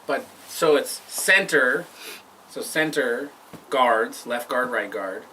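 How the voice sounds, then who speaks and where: A man co-hosting a casual chat and patiently explaining sports. His voice is bright. He sits back from the mic, with a faint hiss behind him. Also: medium pitch, expressive, slow pace, distant mic, rough recording. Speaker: podcast co-host. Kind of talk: casual chat over drinks.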